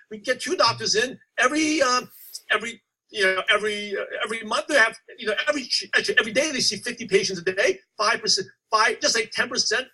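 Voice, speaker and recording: A man giving a motivational coaching talk to a sales team, telling stories and acting out his past self with animated energy. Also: very high voice, husky, rough recording. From United States. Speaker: network marketing coach.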